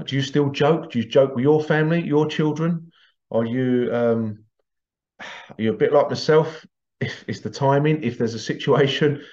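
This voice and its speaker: A man chats away to his viewers in a loose, rambling monologue, breaking into chuckling asides as he goes. His voice sits at an ordinary middle pitch, and the recording sounds a little dull and lo-fi. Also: darkish tone. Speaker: vlogger.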